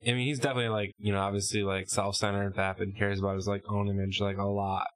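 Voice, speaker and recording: A man on a podcast talking politics casually, halting with lots of fillers. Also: on the low side, level tone, smooth, dry recording. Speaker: podcast co-host.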